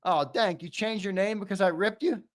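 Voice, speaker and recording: A man with a fairly high voice hosts a livestream in loose, casual chat. He teases his viewers, curses freely and trades loud, rowdy banter. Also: moderate pace. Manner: profane, teasing, loud banter. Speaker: host.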